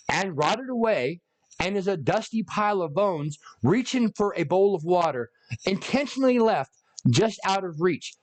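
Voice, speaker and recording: A man ranting about a movie, sarcastic, profane and rambling. His voice sits a little high for a man. He talks off the cuff, with lots of restarts and asides. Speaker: video creator. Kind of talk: unscripted movie rant.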